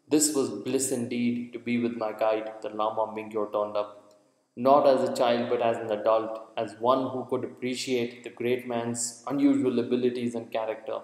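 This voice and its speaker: A man narrating an audiobook in a measured, deliberate reading style. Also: medium pitch, level tone, darkish tone. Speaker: audiobook reader. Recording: echoey room with long reverb.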